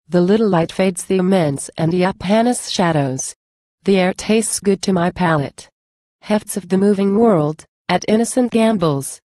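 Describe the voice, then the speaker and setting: Woman reader, poetry recitation, measured and declamatory, mellow lowish voice. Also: no room sound.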